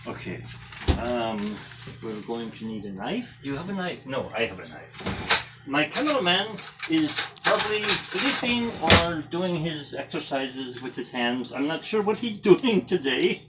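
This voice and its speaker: A man casually demonstrating a breakfast recipe in his home kitchen, chatty and jokey with rambling asides. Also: mid-range voice. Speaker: home cook presenting a recipe. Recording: voice from a distance with music behind.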